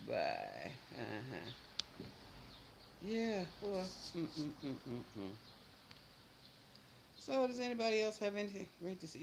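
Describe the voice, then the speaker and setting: A man's voice: fairly high pitch, huge pitch swings, takes it slowly, vocal fry, pauses often, background noise. A middle-aged man hosting a casual livestream, greeting viewers by name and answering chat comments in a blunt, chatty way. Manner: blunt and scolding toward trolls. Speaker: livestream host.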